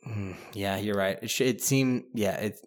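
A man chatting casually about a book, rambling with many restarts and fillers, and growing animated as he goes. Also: fairly low pitch, moderate pace. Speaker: podcast co-host discussing a book. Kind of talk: casual chat.

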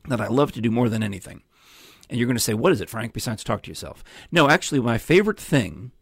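Older guy rambling through stories on his live show, low gravelly voice, lots of ums. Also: dry recording, clean studio sound. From New York. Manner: chatty storyteller, many ums and asides. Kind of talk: rambling casual chat to viewers.

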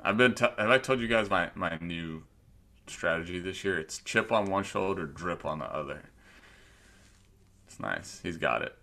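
A man's voice: deep voice, moderate pace, creaky. A man co-hosting a podcast, chatting loosely and joking about his week and baseball. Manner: loose, joking, animated storytelling. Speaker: podcast co-host. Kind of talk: casual podcast chat.

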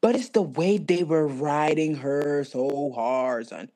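A woman in casual podcast chat, talking in slangy, expressive bursts. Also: sits low, slow pace.

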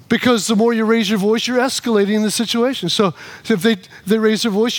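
A man preaching a sermon to a congregation, animated and repetitive, acting out both sides of his stories. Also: extremely high pitch, a little fast. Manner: animated, repeats phrases, acts out both sides of arguments. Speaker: pastor. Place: church in front of a congregation.

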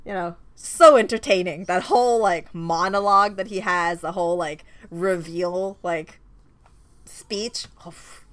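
A woman's voice: on the low side, a little slow, a bit bright. Chatty woman discussing films. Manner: chatty, laughs often, many fillers and restarts. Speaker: film podcast co-host. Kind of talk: casual film discussion.

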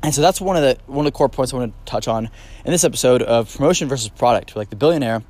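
A man's voice: medium pitch, quick pace, a little mellow. Male podcast host, solo monologue; casual, filler-heavy, eager emphasis on key points. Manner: casual, rambling, many fillers and restarts.

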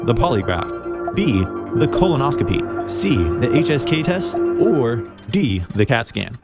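A man announces a scripted trivia promo in a bright quiz-show manner. His pitch swings widely. Loud music plays under him. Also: very animated, a little slow. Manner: upbeat quiz-show delivery.

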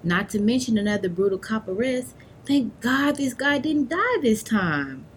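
A woman playing a sassy, outspoken young adult with a drawling, expressive delivery. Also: moderate pace, slight background noise. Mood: scolding. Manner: sassy and outspoken, swinging between drawl and high exclamations.

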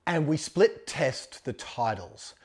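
A man's voice: on the high side, big pitch swings, slow, a little mellow, husky. A man giving casual business advice to a listener, chatty and rambling, with many fillers and restarts. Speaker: business mentor answering a question.

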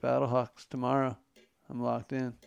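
A man with a gravelly, creaky edge, co-hosting a laid-back podcast. He talks loosely and jokes along, dropping the odd curse word. His pitch sits in an ordinary middle range. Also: monotone, moderate pace, muffled recording. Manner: loose, joking, swears casually. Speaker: podcast co-host. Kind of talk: casual chat.

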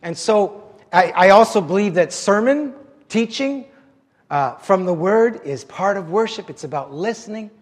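A male pastor with a notably high voice delivers an animated, conversational sermon full of self-deprecating humor. His words trail off into the long reverb of a big church sanctuary. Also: a little slow.

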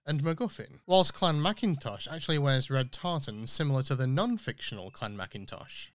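A man's voice: mid-range voice, dry recording, studio quality. A man from England hosting a podcast, talking in a chatty, enthusiastic way with self-correcting asides. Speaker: podcast host. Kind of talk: casual podcast commentary.

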